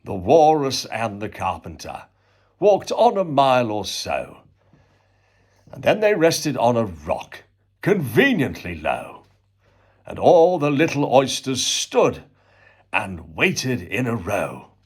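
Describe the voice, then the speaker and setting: A man reads a storybook poem at an unhurried pace, his voice rising and falling over a very wide range. His tone is a little husky, and he leans into dramatic pauses. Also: mid-range voice. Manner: slow, expressive, dramatic pauses. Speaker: reader.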